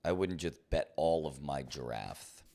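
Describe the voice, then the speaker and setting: A man's voice: extremely low pitch, lively intonation, a little slow, vocal fry, dark tone. A man streaming a game live, talking in a playful, rambling way full of silly jokes. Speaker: gaming streamer. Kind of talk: live gameplay commentary.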